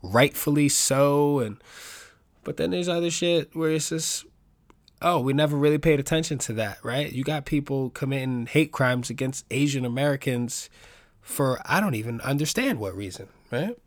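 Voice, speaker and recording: A man's voice: medium pitch, moderate pace, dry recording. Profane rambling man, dry sound. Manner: profane, rambling, restarts often. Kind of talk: casual rant.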